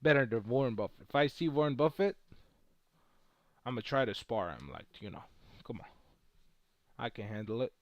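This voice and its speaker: Man, casual livestream chat, boastful, cursing, lively pitch, dry sound. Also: normal speed, pauses often, no echo, muffled recording. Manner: brash and boastful, swears freely. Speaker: livestream host trading stocks. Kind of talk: casual live-stream chat.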